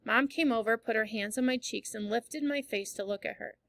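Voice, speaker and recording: A woman reading a first-person novel aloud in clear, steady storytelling. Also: a little high, a little fast, no echo. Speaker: audiobook reader.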